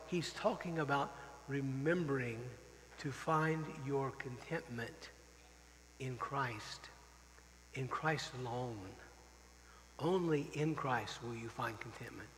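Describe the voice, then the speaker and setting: A missionary pastor delivers a farewell sermon in a church sanctuary, his medium-pitched voice slow and fairly bright. He is earnest and openly emotional, repeating phrases for emphasis. The large hall, slight background noise, and rough recording are all audible.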